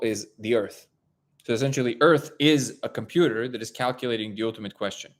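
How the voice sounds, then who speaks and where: A man hosting a daily live chat, rambling as he tells a story and acts out its dialogue. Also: fairly low pitch. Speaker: livestream host.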